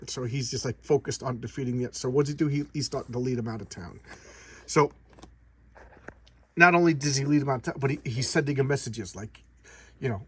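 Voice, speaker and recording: Husky-voiced man rambling about comics. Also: mid-range voice, a little fast, long pauses. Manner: rambling, repeats words, lots of fillers; enthusiastic recap of a plot. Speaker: comic book reviewer. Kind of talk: casual chat.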